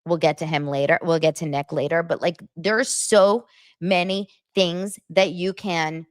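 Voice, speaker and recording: A woman's voice: fairly low pitch, steady tone, moderate pace, dry recording, clean studio sound. A woman hosting an entertainment podcast, giving a chatty, opinionated recap of reality TV.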